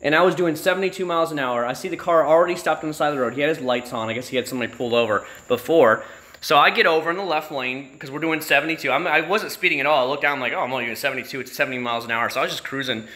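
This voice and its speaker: A man's voice: fairly high pitch, rapid-fire, bright, forceful tone. A man from Florida chatting casually on a livestream, telling road stories in a chatty, profane, exasperated way. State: married. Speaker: YouTube channel host.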